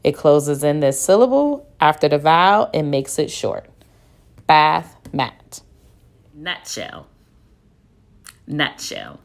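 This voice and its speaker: Slow, low-voiced woman teaching phonics. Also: expressive. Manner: sounds out words syllable by syllable, patient. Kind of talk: phonics lesson, slow and deliberate.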